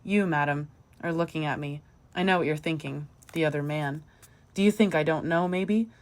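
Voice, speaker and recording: A woman's voice: low voice, moderate pace, lightly acted. A woman reading the part of a feverish, grieving widower who broods and sinks to a near whisper. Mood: brooding. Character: feverish grieving middle-aged man, obsessive widower.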